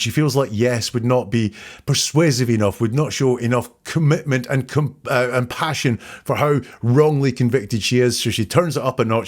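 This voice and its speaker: On his solo commentary show, a man with a medium-pitched voice reads interview lines back and breaks down their wording. His approach is measured and analytical.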